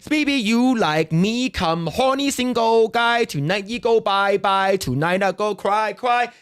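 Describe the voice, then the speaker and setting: A high, drawn-out sing-song comic lover, as a man puts on the voice. The words stretch out slowly and the pitch lilts up well above his normal speaking voice. It comes across as broad mock performance, not a real character. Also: expressive, clean tone.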